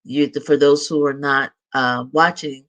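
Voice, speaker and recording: A man's voice: fairly high pitch, fairly even intonation, measured pace, fairly bright tone, rough recording. A middle-aged man hosting a live show, chatting casually and upbeat as he makes announcements. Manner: chatty and upbeat, with light laughs and restarts. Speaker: show host.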